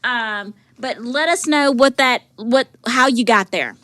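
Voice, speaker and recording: High bright tennessee lady cohost, gushy and rambly, lots of y'all. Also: unhurried. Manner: gushing, rambling, Southern "y'all". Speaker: podcast co-host. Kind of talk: casual chat.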